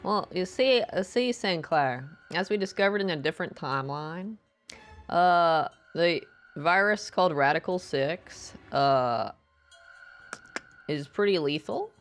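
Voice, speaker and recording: A woman's voice: fairly low pitch, expressive, unhurried, faint music behind. A woman streaming a game, chatting casually and explaining the story in a rambling way. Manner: chatty, rambling, jumps into loud reading of lines. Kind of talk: casual gameplay commentary and reading dialogue aloud.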